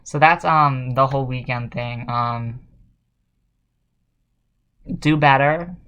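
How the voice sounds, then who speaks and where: A man's voice: medium pitch, takes it slowly, a bit bright, clean tone, muffled recording. A man vlogging casual commentary, sarcastic and exasperated, mocking as he rants.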